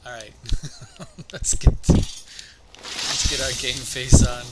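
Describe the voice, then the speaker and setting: A man's voice: mid-range voice, steady tone, very slow. A man streaming a game live, muttering to himself, swearing and chatting to viewers. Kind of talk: casual live gameplay commentary. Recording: noisy background.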